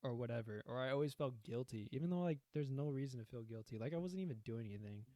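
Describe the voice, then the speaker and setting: A man's voice: mid-range voice, lively intonation, quick pace, mellow, no echo. A young man co-hosting a podcast in casual chat, rambling, swearing and acting out scenes. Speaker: podcast co-host.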